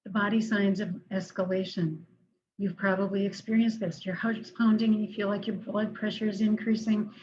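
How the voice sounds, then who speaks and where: A woman counselor gives a calm, instructive talk on managing anger, slowing down to guide breathing exercises. Her voice is mid-range, and the recording's highs are cut off.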